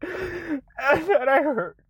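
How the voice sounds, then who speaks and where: A young woman making a tearful apology video, close to tears, halting and restarting her sentences as she apologizes again and again. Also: high-pitched, animated, no room sound, lo-fi sound. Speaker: content creator.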